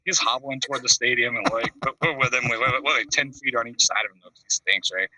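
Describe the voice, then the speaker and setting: A man telling a long, animated funny story on a video call, acting out voices and laughing at his own tale. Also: medium pitch, fast talker, no echo. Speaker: call-in show host. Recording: dry video call audio, distant from the mic.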